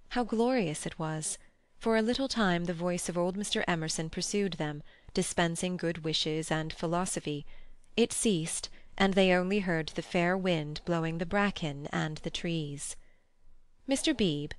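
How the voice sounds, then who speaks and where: A woman narrating a classic novel as an audiobook in an even, impassive reading. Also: on the low side, no room sound. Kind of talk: scripted narration.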